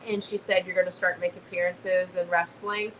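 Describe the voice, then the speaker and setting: Bright-voiced woman telling a story. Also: lowish voice, fairly quick, a little hiss or hum, rough recording. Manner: animated storyteller, swears casually. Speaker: guest. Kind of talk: casual storytelling chat.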